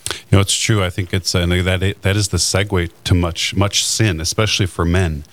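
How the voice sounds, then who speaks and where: Deep, flat-voiced radio host. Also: male voice, moderate pace. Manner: conversational, uses many fillers during announcements. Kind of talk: radio talk.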